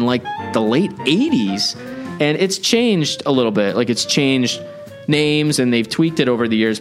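Male podcast host, eager and rambling, mid-range voice, faint music behind. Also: medium pitch. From Chicago area. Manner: enthusiastic, rambling, chatty. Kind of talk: casual podcast chat.

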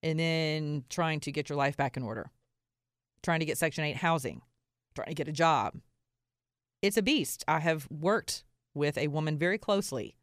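A woman's voice: low-pitched, moderate pace, no echo, studio quality. A woman hosting a podcast, talking casually with sarcastic asides and frequent laughter. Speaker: podcast host. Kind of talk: casual opinion talk.

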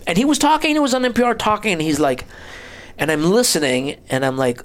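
A middle-aged man from New Jersey tells a story in a loose, rambling way, with lots of restarts and bits of quoted speech. His voice sits a little high for a man and swings up and down a lot as he gets into it. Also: animated, fast talker. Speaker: guest. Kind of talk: casual storytelling chat.

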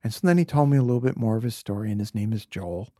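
A man from Brooklyn, a podcast guest, telling earnest, emotional stories in a reflective conversation, sometimes dropping to a soft whisper. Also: lowish voice, very fast, no room sound, clean studio sound.

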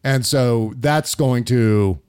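A man's voice: mid-range voice, slow, a little mellow, smooth. A man hosting a podcast, giving heated, profane political commentary in a casual tone, often breaking off and restarting his sentences. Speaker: podcast host.

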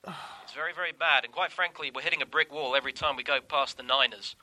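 Quick deadpan man with a bright voice. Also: on the high side, low-quality recording. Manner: deadpan, playing a caller on a phone. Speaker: guest sitting in.

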